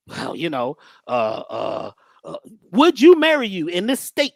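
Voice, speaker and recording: A woman's voice: on the low side, huge pitch swings, slow pace, vocal fry, dry recording, studio quality. A woman giving a preachy motivational talk as a guest, full of rhetorical questions, repeated phrases and slang. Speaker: guest teacher on mindset and healing.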